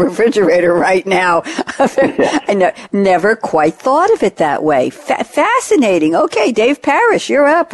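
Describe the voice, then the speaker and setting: A woman hosting and moderating a panel discussion, inviting guests to speak. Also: medium pitch. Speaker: host.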